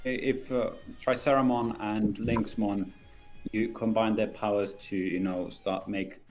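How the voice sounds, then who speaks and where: Low-voiced man player, halting. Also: fairly even intonation, a little mellow, soft background music. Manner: halting, restarting. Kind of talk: casual chat at a game table.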